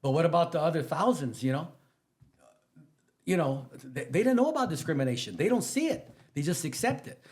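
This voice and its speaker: A man, a teacher guesting on a podcast, telling stories in an animated, rambling way that jumps from one topic to the next. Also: fairly quick. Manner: animated, rambling, jumps between stories, emphatic pitch rises. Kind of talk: casual storytelling interview.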